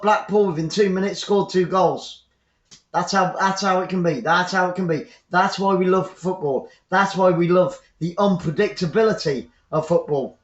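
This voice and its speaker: English male fan commentator, high-pitched, chatty, dull roomy home recording. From England. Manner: chatty, repeats phrases, bursts of excitement. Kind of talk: live football commentary.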